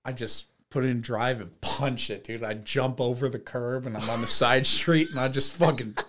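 A man's voice: medium pitch, moderate pace, noisy background. Young man telling a wild story. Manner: animated, profane storytelling with shouted quoted voices. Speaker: podcast host. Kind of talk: casual storytelling chat.

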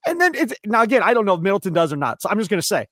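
A man with a high, lively voice rants on a sports radio show, his pitch leaping about as he gets worked up. He is recorded dry and close on a studio mic. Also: very fast, dry recording. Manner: excitable, ranting, mock voices for players. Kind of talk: animated sports radio rant.

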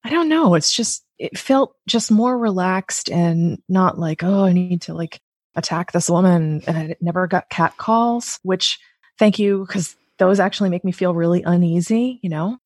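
A woman in her thirties, a podcast guest, talking in a chatty, animated way with lots of "like.". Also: lowish voice, measured pace, dry recording. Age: 30s. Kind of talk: casual interview chat. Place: Maui, Hawaii.

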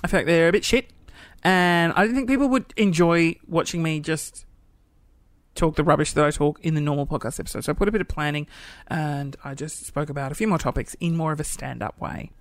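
A man's voice: a little high, a little fast, no echo. A man hosting his podcast in casual, rambling, self-deprecating chat. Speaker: podcast host.

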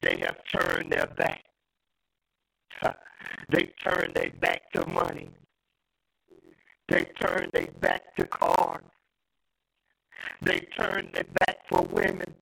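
A man's voice: extremely low pitch, completely flat delivery, takes it slowly, gravelly, pauses often, pushed and bright, rough recording. A man preaching a prophetic sermon with rhythmic repeated phrases, breaking his lines with "uh" and "hallelujah".

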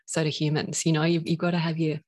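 A woman's voice: low-pitched, little pitch movement, quick pace, a little mellow. A woman guest in an interview, talking earnestly and laughing often. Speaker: guest, author of oracle decks. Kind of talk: casual interview chat.

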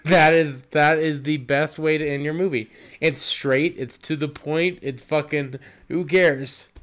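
A young man co-hosting a movie podcast in casual chat. His voice sits a bit high and comes through smooth and clear. He gets excitable, swears freely and leans on "like" between thoughts. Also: measured pace. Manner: excitable, swears a lot, lots of "like". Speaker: podcast co-host.

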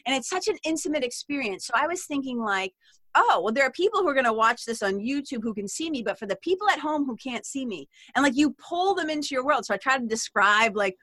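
Bright, chatty woman with a Boston accent. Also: high voice, fast, dry recording. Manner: chatty and animated, given to tangents and laughter. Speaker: podcast guest. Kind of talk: casual interview chat.

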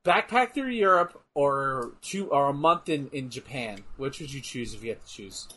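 A young man chatting and joking casually while playing a wrestling game, often breaking into shouts. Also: medium pitch, normal speed. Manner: animated, joking, bursts into shouts. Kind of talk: casual chat over gameplay.

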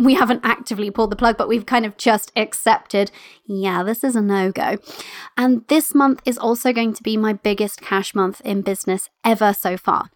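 Chatty, animated woman podcast host. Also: on the high side, normal speed, no echo, studio quality. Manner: animated, chatty, laughs often. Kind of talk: solo podcast talk.

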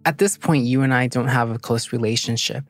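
A woman's voice: a bass voice, brisk, faint music behind. A woman, asking questions in a direct, determined way. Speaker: older sister, interviewer. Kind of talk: conversational interview.

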